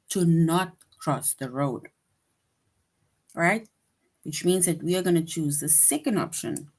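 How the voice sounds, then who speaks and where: A woman teaching a lesson to young children, patient and slow, reading example sentences aloud with emphasis and checking in often with "right?". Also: fairly low pitch, a little mellow.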